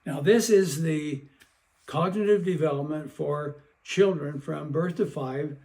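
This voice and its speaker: A man giving an educational talk on child development, lively and acting out playful exchanges with children. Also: on the high side, unhurried, creaky. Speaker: parenting expert.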